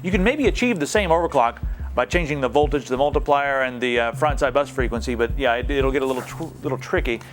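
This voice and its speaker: A man's voice: mid-range voice, fast talker, slight background noise. A young man hosting a casual tech question show, answering viewer emails with playful jokes and asides.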